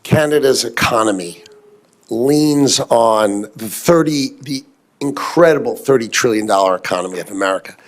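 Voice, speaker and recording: A man's voice: mid-range voice, normal speed, crowd noise, noisy background. A man, a government secretary, testifying at a hearing in an insistent, combative way.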